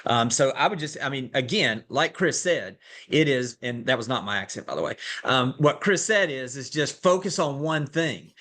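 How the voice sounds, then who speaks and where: A man's voice: mid-range voice, expressive, normal speed, sharp tone. A man sharing casual feedback as a workshop panelist, hesitant and thinking aloud with many fillers, over a video call.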